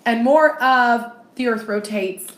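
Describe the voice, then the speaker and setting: Woman, higher voice, playful devotional co-host, echoey room. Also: a bit bright. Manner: playful, self-described cheeky, reads scripture slowly. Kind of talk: casual devotional chat and scripture reading.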